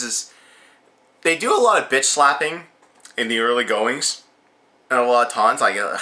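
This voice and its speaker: A man's voice: mid-range voice, sharp tone. A young man rambling through a casual wrestling show review, joking and swearing as he goes.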